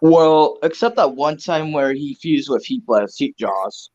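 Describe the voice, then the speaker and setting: A man co-hosting a casual online fan discussion, animated and eager to add trivia. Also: a little high, a little slow, muffled recording. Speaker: co-host.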